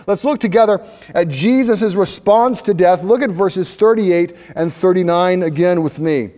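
A man's voice: high-pitched, a little mellow, long reverb tail. A man preaching a sermon to his congregation, earnest, often repeating words as he presses a point. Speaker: pastor.

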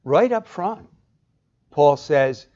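A man's voice: on the high side, animated, very slow, darkish tone. A male pastor preaching an expository sermon in a somewhat raised voice. He walks through his reasoning step by step and poses rhetorical questions to his listeners. The recording sounds dull and lo-fi.

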